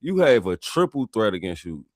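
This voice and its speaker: A man's voice: lowish voice, very animated, normal speed, no echo, clean studio sound. A male comedian hosting a podcast, chatting in a laid-back, slangy way. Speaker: podcast host. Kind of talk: casual podcast chat.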